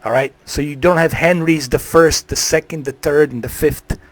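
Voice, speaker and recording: A man's voice: on the high side, fairly even intonation, normal speed, no echo. A man ranting on a live stream, heated and profane, swearing freely.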